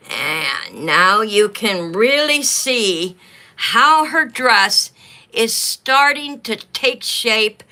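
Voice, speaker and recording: A woman hosts a craft livestream with a bright, clear voice, talking slowly as she beads. She speaks chattily to her viewers and has the hiccups. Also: medium pitch. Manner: chatty, talks to viewers while beading. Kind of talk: casual livestream craft talk.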